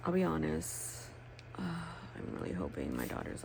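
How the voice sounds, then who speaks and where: A woman's voice: low voice, huge pitch swings, moderate pace, vocal fry, darkish tone, slight background noise. A woman, chatting candidly while crafting, rambling and swearing freely. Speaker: planner crafting vlogger. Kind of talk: casual chat while crafting.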